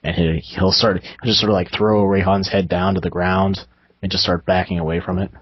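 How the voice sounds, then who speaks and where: Deep-voiced man narrating a tabletop game. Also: little pitch movement, a little fast, breathy edge, no echo, muffled recording. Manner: hesitant, many fillers. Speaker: game master.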